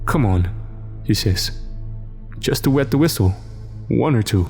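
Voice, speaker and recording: A man's voice: on the low side, normal speed, darkish tone, faint music behind, lightly acted. A man voicing a boisterous drunk British soldier who slurs his words in laddish banter, with a British accent. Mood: tipsy banter.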